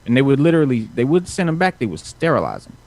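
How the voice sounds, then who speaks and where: A man's voice: mid-range voice, big pitch swings, quick pace, a little mellow. A man hosting a casual chat, recapping a comic with lots of fillers and restarts. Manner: rambling, many fillers and restarts. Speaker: podcast host recapping comics.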